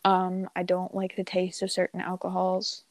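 A woman's voice: on the low side, monotone, moderate pace, dry recording. Young woman, casual podcast chat, rambling storyteller, lots of fillers, dry recording. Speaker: podcast co-host.

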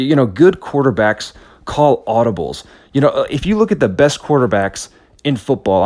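A man's voice: mid-range voice, no room sound. A man in his thirties giving a motivational talk, telling a personal story in an earnest, anecdotal way with frequent restarts.

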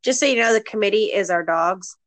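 A woman's voice: medium pitch, a little fast. A woman playing a casual guessing game at home, easygoing and joking with her partner. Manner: easygoing, playful. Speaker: contestant.

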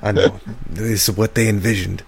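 A young man co-hosting a podcast, talking in animated, jokey banter and now and then slipping into mock voices. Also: lowish voice, normal speed, gravelly, slightly rough. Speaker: podcast co-host. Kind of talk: casual banter.

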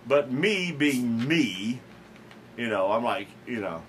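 A man's voice: mid-range voice, animated, takes it slowly, slight background noise. A man hosting his own podcast, rambling casually in a self-amused, joking way and tripping over his words. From Southern Illinois, USA. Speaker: podcast host.

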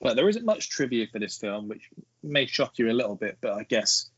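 A man co-hosting a casual film podcast, explaining his points in a measured way and leading with trivia. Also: medium pitch, sing-song, husky, dry recording, highs cut off. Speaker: podcast co-host.

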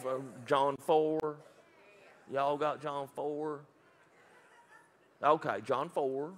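A man's voice: a little high, steady tone, extremely slow. A man preaching a sermon as pastor, telling a Bible story with jokes, asides and put-on voices.

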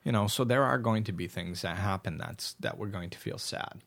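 A man's voice: on the low side, moderate pace, gravelly, fairly bright tone. A man hosting a casual, reflective chat, telling stories with lots of restarts and false starts. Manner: rambling storyteller with frequent restarts.

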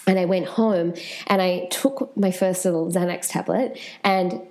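A woman's voice: fairly low pitch, unhurried. A woman guest telling her personal story frankly and with animation in an interview. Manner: frank, animated, swears casually.

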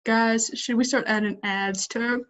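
A woman's voice: on the high side, fairly even intonation, moderate pace, a bit bright. A young woman co-hosting a podcast in casual chat, giggly and teasing. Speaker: podcast co-host. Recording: dull lo-fi sound.

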